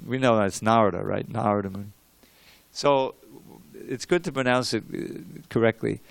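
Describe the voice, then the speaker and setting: A man's voice: lowish voice, moderate pace, gravelly, no room sound. An older man giving a devotional scripture class in a temple room, talking in a loose, conversational way with restarts, chanting verses and drilling pronunciation.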